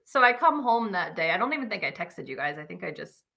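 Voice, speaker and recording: A woman on a casual podcast telling a personal story, animated, acting out quoted lines and laughing often. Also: lowish voice, fast talker, vocal fry.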